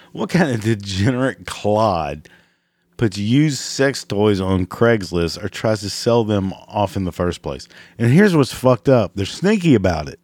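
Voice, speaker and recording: A man's voice: fairly low pitch, big pitch swings, takes it slowly, a little mellow, no echo. A man delivering a crude, exasperated comedic rant, laughing at his own jokes, his voice cracking. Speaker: comedic ranter.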